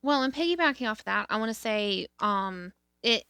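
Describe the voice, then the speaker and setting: Blunt, bright-voiced woman podcast co-host. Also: fairly high pitch, lively intonation, moderate pace, clear, resonant tone, no room sound, clean studio sound. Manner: blunt and candid, swears freely, many fillers and restarts. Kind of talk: casual podcast chat.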